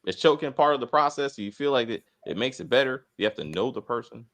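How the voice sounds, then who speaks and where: A middle-aged man hosting a casual TV review chat, rambling, swearing and talking in an animated way. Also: mid-range voice, fast. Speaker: TV review host.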